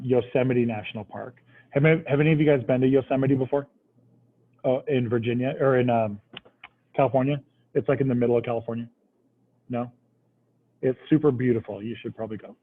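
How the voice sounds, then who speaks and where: A man teaching a history class in a casual, conversational way, often checking in with the students. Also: medium pitch. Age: adult, past military service. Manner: conversational, checks understanding with "right?". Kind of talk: classroom lecture. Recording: tinny phone-like recording.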